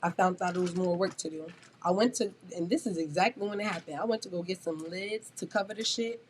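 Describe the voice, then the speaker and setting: A woman's voice: on the low side, fast, slight background noise. A woman guest on a podcast, telling a story in a casual, blunt and profane way that often turns heated.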